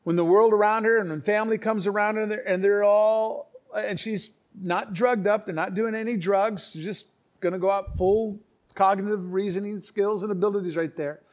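A man preaching, telling stories in an earnest, halting way with many restarts and acted-out quotes. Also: sits high, fairly even intonation, darkish tone, dull audio. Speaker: pastor. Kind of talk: sermon storytelling.

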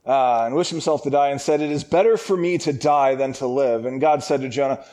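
Man, casual bible teaching, jokey, laughs a lot, mid-pitched voice. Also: a little mellow. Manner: laughs often, acts out lines in a raised voice; jokey and conversational.

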